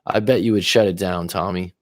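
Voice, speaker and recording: A life coach on a livestream reacts to viewer comments, keeping it casual and swearing freely. His voice is low-pitched and steady, and he talks fairly quickly. The studio sound is clean, with no room sound.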